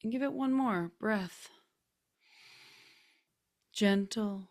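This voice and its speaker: A woman hosting a group video call, chatty and gently coaxing as she guides a neck stretch with soft, drawn-out cues. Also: medium pitch. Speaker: host leading a group session. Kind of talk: casual guided stretching instruction. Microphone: computer mic on a video call.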